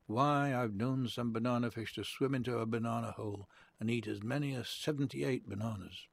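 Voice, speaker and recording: A man reading aloud who plays an earnest, odd young man. The young man teases gently, then turns curt and touchy. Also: mid-range voice, a little fast, vocal fry. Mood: teasing.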